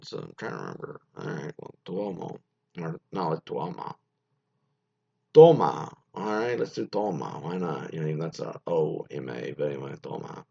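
A man's voice: a bass voice, creaky, a little mellow, breathy edge. A man hosting a radio show in casual solo talk, rambling with many fillers and salty asides. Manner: rambling, loses his thread, lots of fillers and asides; mocking, profane asides. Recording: dull lo-fi sound.

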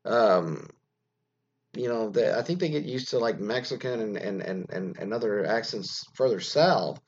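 A man hosts a podcast by himself, talking in a gravelly voice at a middle pitch. His delivery swings lively up and down as he rambles, drifts into muttered asides and swears offhand. The recording is dull and lo-fi. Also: unhurried. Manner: rambling, many fillers, trails off into mutters. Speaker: podcast host. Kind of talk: casual solo commentary reading from an article.

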